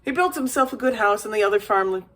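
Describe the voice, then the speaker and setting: A woman reading an old fairy tale aloud as a storyteller, lively, with small slips and restarts. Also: mid-range voice, quick pace.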